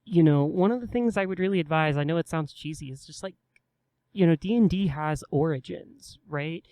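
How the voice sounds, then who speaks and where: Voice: mid-range voice, moderate pace, dark tone, no room sound. A podcast co-host giving casual advice, explaining step by step and acting out a new player's inner questions.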